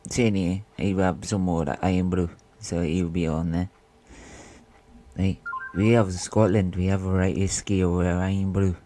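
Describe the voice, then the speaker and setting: A man's voice: deep voice, level tone, moderate pace, warm tone, a little hiss or hum. A man hosting a live football stream, chatting casually and winding up his co-hosts with playful teasing. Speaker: stream host. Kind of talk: casual football fan banter.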